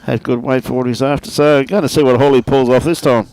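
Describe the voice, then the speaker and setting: A man's voice: mid-range voice, steady tone, fast, darkish tone. A middle-aged man with an Australian accent commentating lawn bowls live, laid-back and jokey, calling people mate. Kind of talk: live sports commentary with banter.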